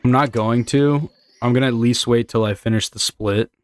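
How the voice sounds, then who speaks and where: This streamer, a young man with a mid-range voice and fairly even intonation, talks at normal speed in a clean tone with no echo and soft background music. He speedruns while loosely chatting with his audience, rambling, joking and casually swearing as he reads messages.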